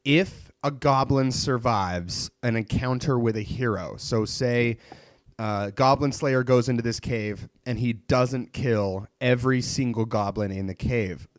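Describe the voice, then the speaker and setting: A man's voice: mid-range voice, unhurried, dry recording, clean studio sound. A man chatting casually about a show, rambling with lots of fillers and restarts. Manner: rambling, many likes and restarts. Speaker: podcast co-host. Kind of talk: casual chat about anime.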